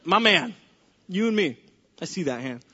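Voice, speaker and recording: A pastor preaches to his congregation in a high, animated voice that is bright, forceful and husky at a moderate pace. He acts out the voices of people praying and talks with those in the room. The hall is echoey, and the sound is dull and lo-fi.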